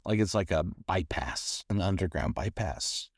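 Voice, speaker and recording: A man narrates a tabletop game as game master, feeling his way through descriptions with restarts. His voice sits at an ordinary pitch. The recording is dry and close. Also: expressive, no echo. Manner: halting, many fillers and restarts while describing.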